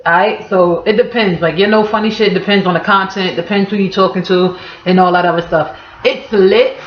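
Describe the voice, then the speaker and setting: A woman from Harlem, New York City, with a Harlem accent explains local slang in a casual vlog, blunt, profane and playful. Her mid-range voice is steady and a little fast, with slight background noise in an echoey room and slightly dull audio.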